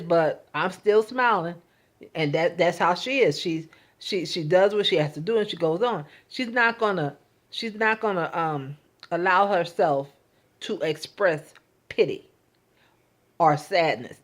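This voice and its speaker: A vlogger with a mid-range, fairly bright voice speaks in a casual, reflective monologue. She is earnest and emotional, often repeating words and restarting her sentences.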